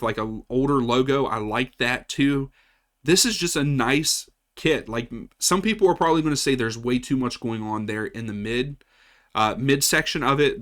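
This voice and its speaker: A man's voice: mid-range voice, a bit bright. Guy from west virginia doing a casual kit ranking, chatty, keeps restarting his sentences. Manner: chatty, repeats himself, frequent restarts. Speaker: soccer channel host. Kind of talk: casual tier-list commentary.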